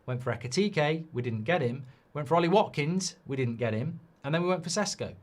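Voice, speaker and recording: A middle-aged man hosting a live football watchalong, reacting to the match and swearing loudly at poor defending. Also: a little high, expressive, brisk. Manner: swears and rants at bad defending.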